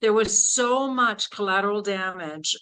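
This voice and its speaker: An older woman from Canada, a podcast guest, telling a personal story with animated voices for her past thoughts. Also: mid-range voice, measured pace, smooth, rough recording.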